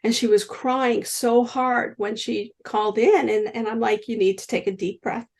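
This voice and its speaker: A woman's voice: a little high, moderate pace. A woman in her sixties, a guest healer, telling stories in an interview and acting out the voices of the people she quotes. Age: 60s. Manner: animated, acts out quoted voices. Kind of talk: storytelling in an interview.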